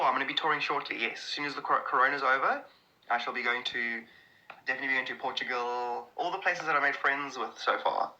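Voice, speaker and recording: On a live stream with poor audio, a South African comedian with a mid-range male voice chats casually. He responds to viewers' comments excitably and ramblingly, restarting often.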